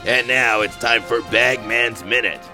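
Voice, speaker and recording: A man voicing a deep-voiced male radio show announcer who speaks in a slow, formal way. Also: fairly even intonation, bright, forceful tone, soft background music. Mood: announcing.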